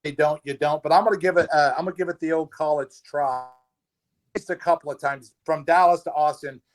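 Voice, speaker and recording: A fairly high-voiced man chats as a podcast guest over a patchy remote call. He tells stories in an animated way, often restarting his sentences. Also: a little fast. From Texas. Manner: animated storyteller with frequent restarts. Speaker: podcast guest, trades recruiter. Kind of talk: casual storytelling chat. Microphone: remote call with a bad connection.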